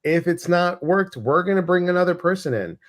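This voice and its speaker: A man with a Chicago accent, co-hosting a casual livestream, reading viewer comments in a chatty, animated way that repeats phrases for emphasis. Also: sits high, brisk. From Chicago, US Midwest.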